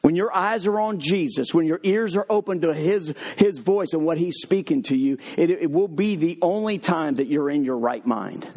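A male preacher whose voice sits a bit high for a man. He jumps from quick, joking stories to slow, heavy points, dropping low for emphasis. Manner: lively, humorous storytelling with sudden drops to slow emphatic points. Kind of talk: sermon.

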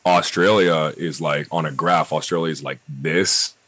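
A man's voice: extremely low pitch, steady tone, normal speed, a bit bright, no room sound. A young American man chatting casually on a podcast, blunt and profane, full of fillers. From United States. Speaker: podcast guest.

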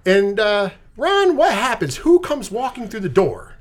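A man co-hosting a podcast, recapping a movie plot in casual chat, animated and swearing freely. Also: high-pitched, a little slow. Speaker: podcast co-host.

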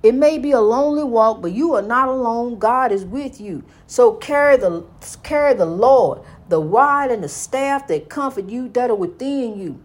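A woman's voice: fairly high pitch, lively intonation, normal speed. A woman preaching with fervor, repeating her points and calling the listener "honey". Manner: fervent, repetitive, calls listener "honey". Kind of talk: preaching, inspirational monologue.

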